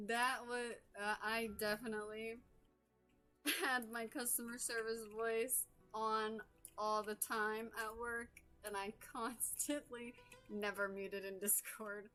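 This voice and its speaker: A woman's voice: a little high, flat delivery, takes it slowly, bright, forceful tone, faint music behind. A woman in voice chat, talking casually and giggling at herself.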